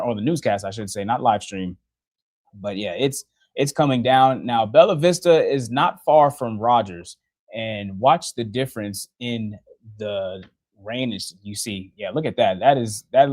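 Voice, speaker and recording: A young TV meteorologist gives a casual live-stream weather update from a television studio, chatting and laughing often as he works the radar. His voice is fairly low and a little mellow, with no room sound.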